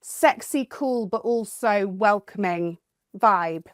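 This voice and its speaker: A woman talking as a guest on a podcast in a chatty, expressive way, laughing often. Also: mid-range voice, takes it slowly, no room sound, clean studio sound. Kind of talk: casual chat.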